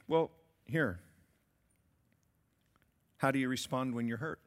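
A man preaching a sermon, asking his congregation questions and swinging between loud emphatic peaks and quiet low passages. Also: takes it slowly. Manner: asks the congregation rhetorical questions. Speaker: pastor.

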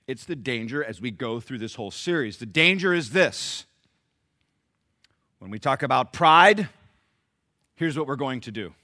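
Sex: male. Role: pastor. Style: sermon. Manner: emphatic, deliberate. Tone: bright and forceful. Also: medium pitch.

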